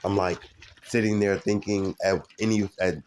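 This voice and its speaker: A man live streaming, talking casually to his viewers in a halting way, full of ums and restarts. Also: lowish voice, fairly even intonation, a little mellow, a little hiss or hum. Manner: halting, many fillers and restarts.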